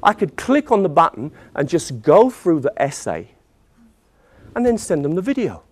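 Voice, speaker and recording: A man's voice: a little high, sing-song, moderate pace. A British man, a teacher trainer, giving an enthusiastic conference presentation as he shows websites on screen. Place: conference room.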